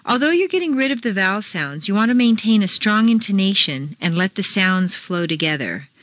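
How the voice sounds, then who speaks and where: A woman teaching pronunciation, reading scripted drills slowly and deliberately, with exaggerated intonation. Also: mid-range voice, animated, fairly bright tone, no room sound. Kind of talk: scripted accent-training lesson.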